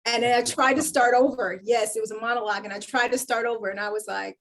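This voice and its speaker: Animated woman telling showbiz stories. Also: medium pitch, fairly quick, hardly any pauses. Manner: animated storyteller acting out quoted lines. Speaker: actor guest. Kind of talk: casual interview chat.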